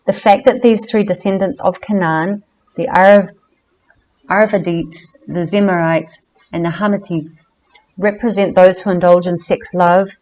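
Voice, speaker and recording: Woman, lowish voice, careful book reading, measured delivery. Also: a little mellow, poor audio. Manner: careful, measured reading with self-corrections on names. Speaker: reader of a book.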